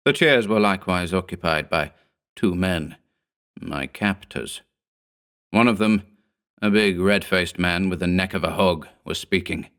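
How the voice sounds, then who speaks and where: A man reads a horror audiobook in a measured, grave way, letting each sentence settle. His voice sits on the low side. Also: fairly bright tone. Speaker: narrator. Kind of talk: scripted horror audiobook narration.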